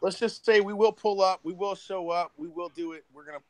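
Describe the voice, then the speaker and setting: A man's voice: high-pitched, brisk, a little hiss or hum. A man with a slightly raised voice cracks crude, boastful jokes on a casual podcast. His talk is loose and profane, full of banter. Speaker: podcast co-host. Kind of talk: casual chat.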